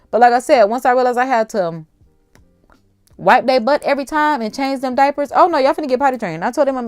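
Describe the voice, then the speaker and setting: A young woman chats away on a livestream, lively and full of slangy asides to her viewers. Her voice sits a little high and comes through smooth and clear. The sound is close and dry, with no room around it. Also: a little fast, no room sound, soft background music. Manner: animated, chatty, slangy, addresses viewers directly. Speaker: livestream host. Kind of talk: casual livestream chat.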